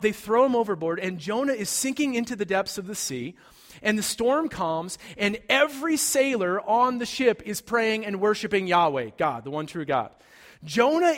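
A man's voice: high voice, a bit bright, long reverb tail. A man preaching a sermon, telling a story in a conversational way and acting out the quoted lines. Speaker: pastor.

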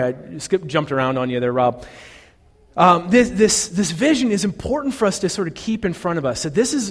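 Man, pastor, sermon, earnest conversational delivery, high voice, echoing church hall. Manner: earnest, conversational with many fillers and restarts.

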